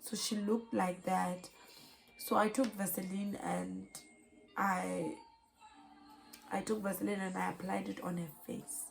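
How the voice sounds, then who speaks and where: A woman's voice: medium pitch, flat delivery, a little slow, gravelly, long pauses, faint music behind, poor audio. A South African mother giving an earnest, emotional personal testimony, with many fillers. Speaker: mother sharing her story.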